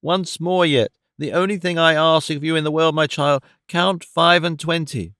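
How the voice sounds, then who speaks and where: A man voicing an earnest, kindly older gentleman who pleads stoutly and warmly in an audiobook. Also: on the high side, steady tone, moderate pace, smooth, dry recording, studio quality, voice pushed up. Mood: pleading.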